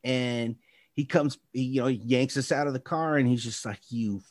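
A man's voice: mid-range voice, fairly even intonation, normal speed. Man telling wild stories with swagger. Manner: swearing, laughing storyteller acting out cops. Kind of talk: casual chat.

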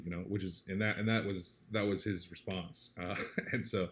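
A man being interviewed, talking in an earnest, reflective way. He often checks in with "right?" and grows animated when he retells a story. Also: sits low, moderate pace. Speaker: interview guest. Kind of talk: casual conversational interview.

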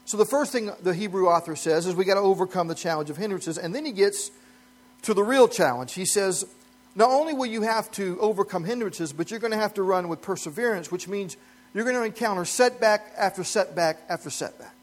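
A man with a notably high-pitched voice preaches from the pulpit. He speaks earnestly and with emphasis, his sermon broken by light chuckles. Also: fairly quick. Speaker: pastor.

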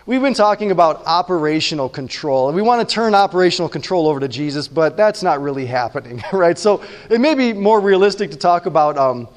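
A pastor giving a conversational sermon, often checking in with the room with quick questions. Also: male voice, on the high side, big-room sound.

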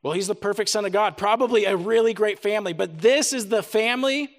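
A man's voice: high voice, brisk. A young adult man reading scripture and preaching at a retreat, talking casually with lots of "like" and growing intense. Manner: reads scripture then preaches with rising intensity; casual filler "like" while preaching. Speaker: retreat speaker.

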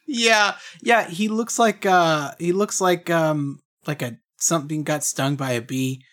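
A man's voice: a little high, measured pace, fairly bright tone. A man co-hosting a cartoon recap podcast, talking casually with many fillers and laughs. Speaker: podcast co-host. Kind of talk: casual chat.

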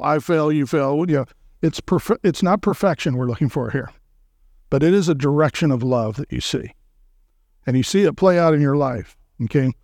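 A man preaching a sermon as a guest speaker, emphatic and often checking in with his listeners, slowing down to recite hymn and scripture lines. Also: on the high side, no echo, clean studio sound.

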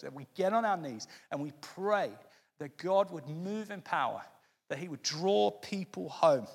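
Male pastor, impassioned sermon, slightly high voice, long hall reverb. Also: creaky, breathy edge. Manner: earnest, impassioned preaching with restarts.

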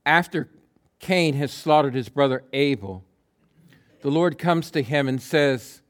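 A man preaching a sermon, acting out quotes with big swings from loud bursts to hushed lines. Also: on the high side, unhurried. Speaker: pastor.

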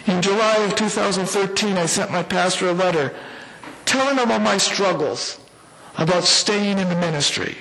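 A middle-aged man preaching a sermon as pastor. He builds phrases with rising emphasis and slows down to a weighty close at the end of lines. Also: high-pitched, fairly bright tone, poor audio. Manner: preaching with swelling emphasis and slow, weighty endings.

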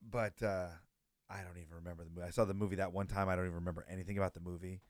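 A man's voice: deep voice, steady tone, very fast, no echo, clean studio sound. A man in his forties hosting a podcast, telling a story in laid-back, profane casual talk. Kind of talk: casual conversation.

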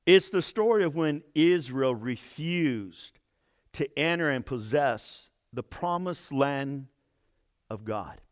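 A man preaching a sermon, retelling a Bible story and explaining it. He lifts his voice to stress a point and drops to a near hush. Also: slow pace. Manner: expressive, rises for emphasis and drops low to a hush. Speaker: pastor.

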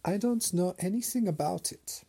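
A man voicing an evasive old German grandpa, a former soldier, with a mock German accent and halting, feigned innocence. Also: high voice, vocal fry, mellow, husky, pitched above the performer's own voice, full character voice.

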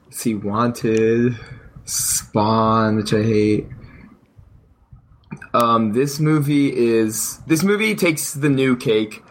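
A man's voice: medium pitch, a little hiss or hum. Casual joking man on a podcast. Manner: joking, profane, drawn-out musing. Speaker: podcast co-host. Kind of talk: casual chat.

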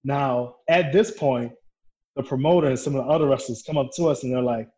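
A man, a pro wrestler guest telling backstage stories in a casual interview, animated, laughing and swearing as he goes. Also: mid-range voice, fairly quick.

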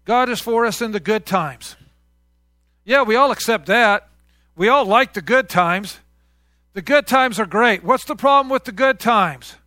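A man delivers a sermon as pastor, his voice pitched high and ringing bright. He talks in a chatty, conversational way and asks the congregation questions for them to answer back. The sound is dry and close. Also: a little slow, no room sound. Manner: conversational, call-and-response with congregation.

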